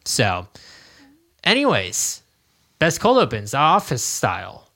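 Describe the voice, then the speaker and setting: A young man with a bright, forceful voice, co-hosting a podcast. He talks casually and rambles, with jokes along the way. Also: medium pitch, huge pitch swings, slow. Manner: rambling, jokey, laughs often. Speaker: podcast co-host. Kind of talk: casual chat.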